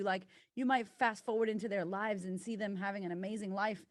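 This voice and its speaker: A woman's voice: medium pitch, brisk, no echo, studio quality. Effusive American woman coach. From United States. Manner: effusive, warm, swearing, bursts of loud excitement. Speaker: confidence coach, podcast guest. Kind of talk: casual podcast interview.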